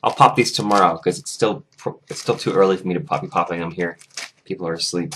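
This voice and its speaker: A young man vlogging casually, retelling a story and chatting in a rambling, animated way with frequent restarts. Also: low voice, fast, noisy background.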